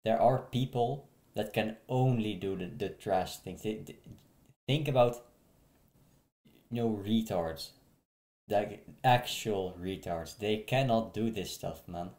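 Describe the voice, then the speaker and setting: A man's voice: fairly low pitch, slow pace, a little mellow. A man reacting to a clip and arguing back in a blunt, profane way. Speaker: reaction streamer. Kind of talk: casual reaction commentary. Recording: roomy echo.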